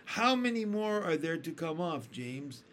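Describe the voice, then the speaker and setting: A man's voice: on the high side, big pitch swings, unhurried, a bit bright, slight background noise, pitched above the performer's own voice. A man reading a boastful cheeky giant centipede. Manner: boastful, teasing. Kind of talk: children's storybook reading.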